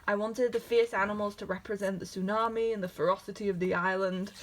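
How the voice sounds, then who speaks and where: A young woman, an artist, showing her sketchbook in a casual, chatty vlog. She is excitable and scattered and keeps breaking off mid-sentence. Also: mid-range voice, quick pace. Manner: excitable, scattered, self-interrupting.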